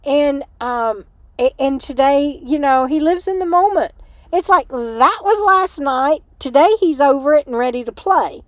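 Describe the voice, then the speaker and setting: Older woman, livestream host, chatty and rambling, a little punchy from lack of sleep, higher voice, close dry sound. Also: lively intonation, measured pace, no echo. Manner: chatty, giggly, rambling with many fillers. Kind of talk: casual livestream chat reading comments. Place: small room inside an RV.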